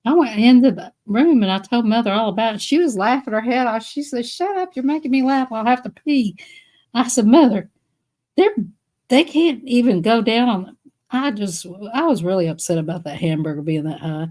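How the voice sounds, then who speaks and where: A woman's voice: on the high side, expressive, moderate pace, a little mellow. Chatty Southern woman telling stories. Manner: chatty, rambling, laughing between phrases. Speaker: live streamer. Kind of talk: casual storytelling to viewers.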